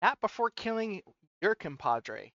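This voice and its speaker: A man's voice: high-pitched, sing-song, measured pace, creaky, a bit bright, dry recording. A man playing a tabletop game, blunt and argumentative as he bargains in character. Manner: blunt, argumentative, pushes to the point. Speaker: player. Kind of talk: casual tabletop game chat and in-character negotiation. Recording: dull lo-fi mic.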